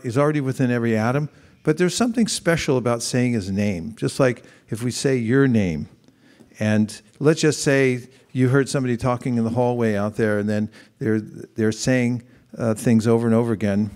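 A man's voice: mid-range voice, darkish tone. A man giving a spiritual talk to a live audience, conversational, asking the listeners questions and acting out examples.

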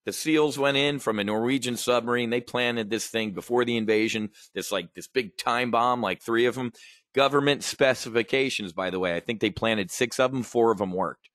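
The host of an options trading show offers casual market and news commentary, blunt, rambling and profane. He has a medium-pitched, fairly bright voice at a moderate pace, recorded dry in studio quality.

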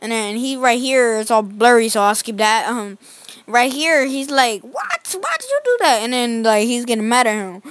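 Female vlogger, rambling slangy picture commentary, slightly high voice, dry close sound. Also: steady tone, moderate pace, fairly bright tone, clear, resonant tone, no echo. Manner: slangy, rambling, constant "like" fillers. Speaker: video host. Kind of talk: casual commentary over pictures.

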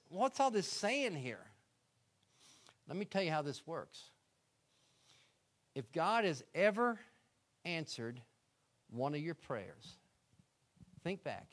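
A man preaching a sermon as a guest, telling Bible stories in a folksy way and swinging between loud and hushed delivery. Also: sits high. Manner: folksy storytelling, acts out voices in retold scenes; swings from loud to soft, drops to a hush.

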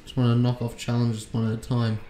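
Casting note: mid-pitched guy for a let's-play streamer, swears casually, roomy echo, faint music underneath. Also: monotone, a little fast, dark tone. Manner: casual, swears freely, mutters to himself. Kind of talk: live game-stream commentary.

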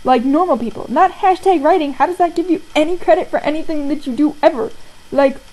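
Young woman, high mellow voice, rambling profane rant to a webcam at home. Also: brisk, low-quality recording. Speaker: vlogger. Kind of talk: ranting casual vlog. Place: indoors at home, seated.

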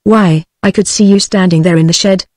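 A woman's voice: lowish voice, steady tone, fairly quick, darkish tone, no room sound, clean studio sound, close to an everyday voice. A computer-generated woman's voice with a British English accent reading the fretful, complaining questions of a woman waiting at home.

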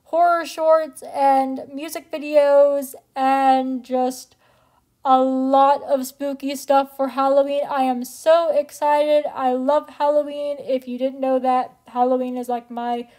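Young woman vlogger, high bright voice, chatty, filler-heavy, playful overstatement. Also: level tone, slow pace. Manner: chatty, peppered with "like", playful exaggeration. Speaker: channel host. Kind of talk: casual vlog talk to viewers.

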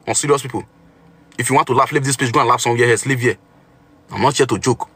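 A man's voice: medium pitch, fairly even intonation, fast, pauses often, bright, forceful tone, husky. A man with a Nigerian accent preaching on a livestream, boastful and indignant as he scolds his viewers. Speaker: self-styled pastor on a livestream.

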